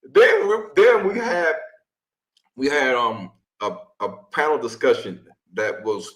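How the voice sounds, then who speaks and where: A man, a tour leader, telling a story in a casual, animated way, often repeating words and acting out what people said. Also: lowish voice. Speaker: tour leader and guest speaker. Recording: echoey room.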